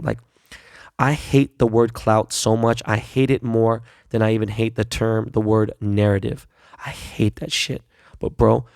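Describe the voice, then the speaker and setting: Middle-aged dude ranting on his podcast, swears nonstop, gravelly voice, dry close sound. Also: mid-range voice, darkish tone, no room sound. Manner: profane, blunt, heated ranting. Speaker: podcast host. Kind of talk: ranting solo podcast monologue.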